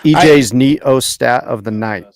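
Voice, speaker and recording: A man's voice: medium pitch, measured pace, no room sound. A man hosting a podcast and chatting easily with his guest, at times fumbling with the equipment. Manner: relaxed, chatty, fumbles with the video playback. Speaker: podcast host. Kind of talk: casual interview chat.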